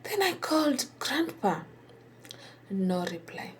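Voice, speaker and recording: A woman whispering a personal story, halting and hesitant with many pauses and restarts. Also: a little high, big pitch swings, a little hiss or hum.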